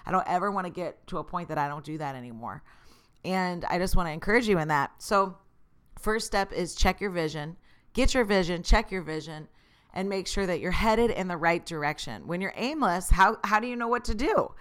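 A woman's voice: fairly low pitch, expressive, brisk, a bit bright, clear, resonant tone. A woman hosting her own podcast, talking earnestly and encouragingly to listeners in a motivational solo talk. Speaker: podcast host.

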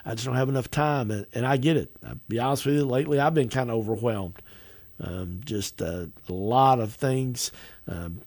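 A middle-aged man giving a devotional message as a pastor, gentle and conversational, speaking straight to the listener. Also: mid-range voice.

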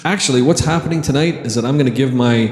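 A man hosting a comedy podcast, joking around with deadpan sarcasm. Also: medium pitch, quick pace, slightly rough, studio quality. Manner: jokey, playful, deadpan sarcasm. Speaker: podcast host. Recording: echoey reverb added on purpose.

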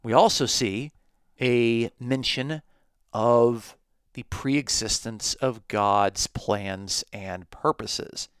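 Slow, measured male Bible teacher. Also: mid-range voice, clean tone, no room sound, clean studio sound. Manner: measured, emphatic on key words. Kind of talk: recorded Bible lesson.

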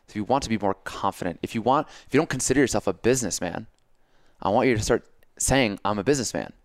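A man hosting a casual podcast chat, coaching and telling stories in an animated way, acting out his own self-talk. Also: fairly low pitch, fast talker, no room sound, clean studio sound. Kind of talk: casual conversation.

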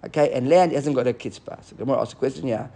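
A man teaching a Talmud class, animated and often restarting as he explains. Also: mid-range voice, fast talker, gravelly. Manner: animated, restarts often, mixes Hebrew and Aramaic terms.

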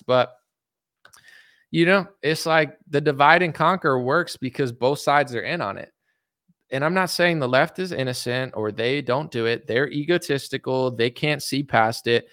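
A young adult man ranting casually about politics, quick and animated, breaking into mocking put-on voices now and then. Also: mid-range voice, no echo, clean studio sound. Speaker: political commentator.

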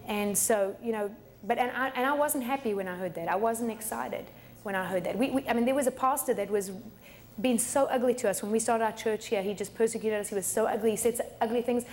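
A woman's voice: on the high side, fast talker, a little mellow, slight background noise. A middle-aged woman pastor preaching a sermon in a chatty way, often laughing and repeating words. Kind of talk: sermon teaching.

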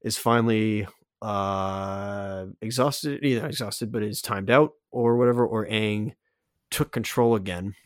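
A man's voice: on the low side, measured pace, no room sound, clean studio sound. Rambling man co-hosting a podcast. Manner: rambling, many restarts and fillers. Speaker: podcast co-host. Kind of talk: casual chat, scene-by-scene breakdown.

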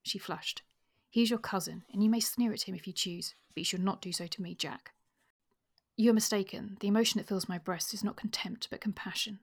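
Husky woman reading from a novel. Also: medium pitch. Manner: reads passages in a measured, even way. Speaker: podcast co-host. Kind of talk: casual book chat with reading aloud.

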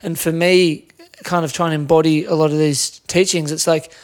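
Reflective Australian man with higher voice. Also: level tone, moderate pace. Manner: reflective, rambling with many fillers. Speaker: podcast guest, metal musician. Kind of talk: casual conversation.

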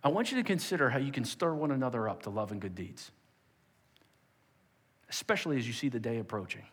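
A man preaching a sermon as pastor, moving from emphatic exhortation to hushed prayer. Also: mid-range voice, lively intonation, quick pace, slightly rough. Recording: long hall reverb.

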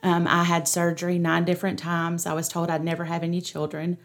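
A middle-aged woman, a pastor giving an earnest, steady personal testimony on a podcast. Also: on the low side, a little fast. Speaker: pastor, guest.

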